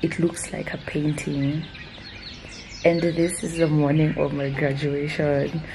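A woman's voice: sits low, little pitch movement, unhurried, mellow, a little hiss or hum. A Kenyan woman in her twenties, talking to camera in a casual vlog, emotional and gushing, repeating her phrases. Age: 20s. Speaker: vlogger.

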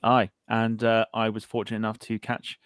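A man's voice: fairly low pitch, monotone, normal speed, fairly bright tone, smooth, no echo. A man hosting a podcast, chatting casually and reading out viewer comments, joking and stumbling over words now and then. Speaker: podcast host.

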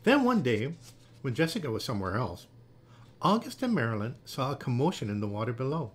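A man gently and expressively reading a children's picture book aloud. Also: mid-range voice, very animated, a little fast, breathy edge. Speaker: storyteller.

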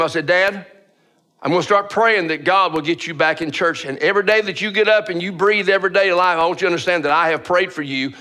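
A man's voice: high voice, pushed and bright. A male pastor preaching a sermon in a church, telling a story with lots of stammered, repeated starts.

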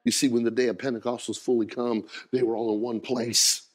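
A man preaching a sermon as pastor, folksy in his wording, moving from hushed storytelling to shouted, rising preaching. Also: medium pitch, level tone, a little fast. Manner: folksy, says "ain't" and "gotta".

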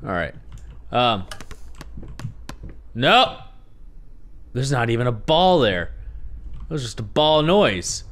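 A young man commenting on a horror game he is playing, sarcastic and swearing, jumping between low mutters and startled yelps. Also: sing-song, takes it slowly, pauses often, a bit bright. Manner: jumpy, sarcastic and profane, swinging from muttering to yelps. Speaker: gaming video host. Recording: faint music behind the voice.

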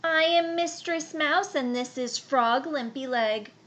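A woman voicing a small, cold female mouse with a soft, polite squeak. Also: takes it slowly.

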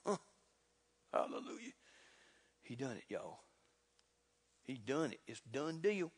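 A man preaching a sermon in a folksy, fervent way, building to loud exclamations. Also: medium pitch, very animated, measured pace, husky. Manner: folksy, repeats "look here". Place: church sanctuary. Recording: reverberant church hall.

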